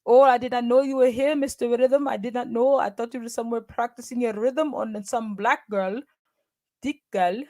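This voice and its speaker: A woman's voice: on the high side, fairly even intonation, normal speed, darkish tone, voice pushed up, lightly acted. A woman voicing an overly polite overseas call-center representative, with a put-on thick foreign accent and stiff, formal phrasing. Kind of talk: comic impression during a livestream.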